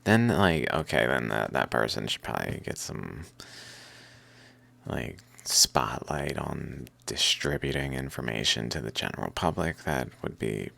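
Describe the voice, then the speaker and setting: A man with an extremely deep, gravelly voice rambles slowly through a solo monologue. He drifts between thoughts, swears casually and chuckles to himself, and his drawl stays unhurried throughout. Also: lively intonation, sharp tone. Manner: rambling, swearing, laughs often. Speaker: vlogger.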